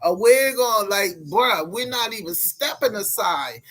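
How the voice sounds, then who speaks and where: A young man vents on his vlog, his voice high and a little husky. He swears freely and keeps hammering the same lines as he rants. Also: animated, a little slow, a bit bright. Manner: profane, heated, repetitive ranting. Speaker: vlogger. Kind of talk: ranting to camera.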